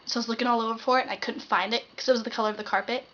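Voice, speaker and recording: A woman's voice: fairly high pitch, steady tone, very fast, fairly bright tone, muffled recording. A teenage girl doing a sarcastic, exasperated comic rant to the camera. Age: teens. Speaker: vlogger.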